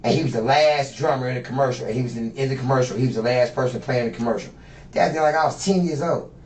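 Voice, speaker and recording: Medium in pitch, quick and a little mellow, the voice of a fifties-aged male suspect rambles on boastfully and profanely during an interrogation. The room is echoey, the mic is distant, and a faint noise is present.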